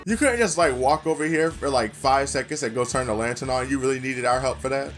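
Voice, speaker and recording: A man's voice: mid-range voice, brisk, few pauses, a bit bright, soft background music. A man giving casual, sarcastic gameplay commentary, swearing and reading the game's dialogue aloud. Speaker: gaming channel host.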